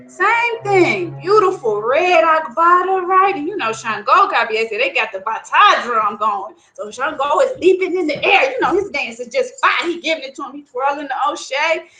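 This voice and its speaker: A woman telling a traditional story aloud in an animated, conversational way with many asides. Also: high voice, low-quality recording. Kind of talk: oral storytelling of Yoruba myths.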